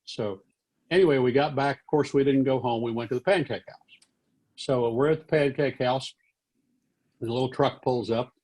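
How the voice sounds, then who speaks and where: Man in his 60s, veteran columnist, storytelling talk, animated, acts out voices. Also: medium pitch, normal speed, long pauses, poor audio. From Fort Worth, Texas.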